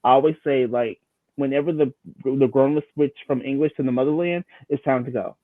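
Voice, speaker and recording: A man co-hosting a TV recap show, chatting casually and telling animated stories. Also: medium pitch, fairly quick, dry recording. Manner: animated storytelling. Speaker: podcast co-host. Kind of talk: casual chat. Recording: tinny phone-like line.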